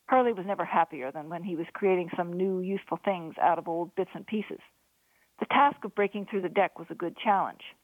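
A woman author reading her own novel aloud in a steady storytelling manner. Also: lowish voice, brisk, no room sound. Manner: steady storytelling, lively voices for dialogue. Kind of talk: audiobook narration. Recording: dry, phone-like narrow sound.

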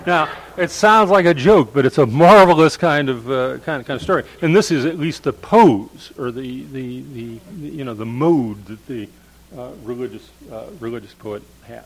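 A man's voice: medium pitch, moderate pace, low-quality recording. An older man, a professor of English literature, giving a discursive storytelling lecture with frequent fillers.

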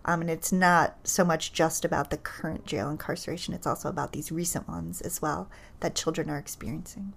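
Lady psychologist talking through her study, lowish voice, careful and measured, some ums. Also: steady tone, creaky, a little hiss or hum. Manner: thoughtful, measured, with fillers and restarts. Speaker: child psychologist guest. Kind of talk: explaining research in an interview.

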